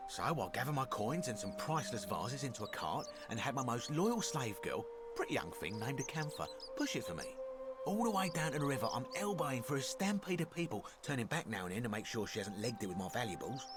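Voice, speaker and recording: An actor playing a greedy, scheming Roman merchant in a video game, telling tales with sly boastfulness. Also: male voice, medium pitch, very animated, fairly quick, lightly acted. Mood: boastful. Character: greedy scheming male Roman merchant, smooth con man. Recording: game audio with music behind.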